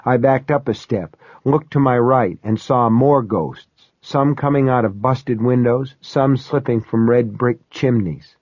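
A man narrating a first-person horror story in a measured, steady way. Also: medium pitch, dry recording. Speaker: audiobook narrator. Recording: dry, dull lo-fi recording.

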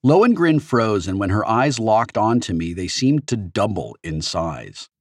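A man reading a first-person audiobook in an expressive storytelling manner, recorded on a studio microphone. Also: lowish voice, a little slow, dry recording. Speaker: audiobook narrator. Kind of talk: scripted audiobook narration.

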